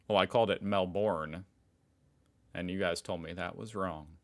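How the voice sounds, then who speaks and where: Deep-voiced American man reacting casually. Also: moderate pace. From United States. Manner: chatty, self-mocking, jokey asides. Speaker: reaction video host.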